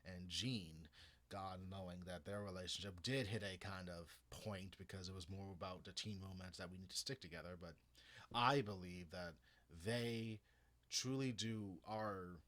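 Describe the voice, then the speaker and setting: A man's voice: sits low, steady tone, moderate pace, fairly bright tone. A man in his thirties talking casually and ramblingly about comics, with restarts and swearing. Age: 30s. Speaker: comics vlogger. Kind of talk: casual opinion monologue.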